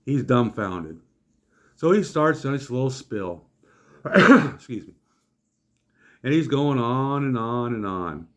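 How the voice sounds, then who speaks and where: A man's voice: medium pitch, sing-song, slow, long pauses. A middle-aged man from Iowa, telling a comic anecdote in a folksy, wry way. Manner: folksy, wry, acts out voices of others. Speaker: storyteller. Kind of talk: comedic anecdote storytelling.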